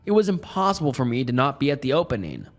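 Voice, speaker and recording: Man, horror story narrator, mid-pitched voice, tense measured delivery, faint music underneath. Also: big pitch swings. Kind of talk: scripted narration.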